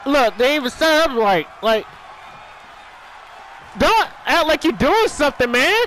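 A man hosting a gaming channel, giving casual commentary on a wrestling game, exasperated, shouting at the screen and swearing. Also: extremely high pitch, expressive, unhurried, long pauses. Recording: game audio with loud crowd noise. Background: video game crowd noise.

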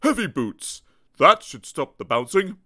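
A man voicing a calm grown-up doctor in a children's storybook, speaking in a measured way. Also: a little high, voice pushed up, heavily acted. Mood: reassuring.

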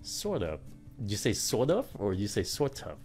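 A woman's voice: very deep voice, huge pitch swings, normal speed, a little mellow, soft background music. A Vietnamese woman hosting a casual pronunciation lesson, asking curious questions and reacting with surprise. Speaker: host, English teacher.

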